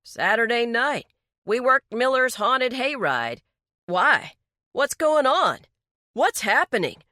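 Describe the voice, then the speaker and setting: A woman's voice: medium pitch, animated, unhurried, bright, forceful tone, no room sound, studio quality. A woman voicing a frightened, defensive young male mechanic, talking in a raised, anxious way. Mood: flustered, defensive.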